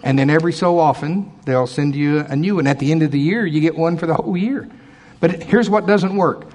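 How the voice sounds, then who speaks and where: Husky guy preaching in church, kinda high voice, loud bits then quiet asides. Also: fairly quick. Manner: animated preaching with sharp swings between loud emphasis and quiet asides. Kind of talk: sermon.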